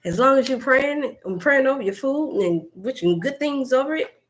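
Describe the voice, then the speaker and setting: A woman's voice: sits high, lively intonation, moderate pace. A woman hosting a casual wellness livestream, talking chattily and directly to her viewers. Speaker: wellness coach and host.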